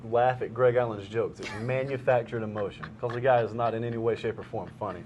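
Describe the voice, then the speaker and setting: Young male talk-show host, rapid banter, dry teasing humor, mid-pitched voice. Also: slight background noise. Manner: joking, brisk, deadpan teasing. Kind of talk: casual talk show hosting.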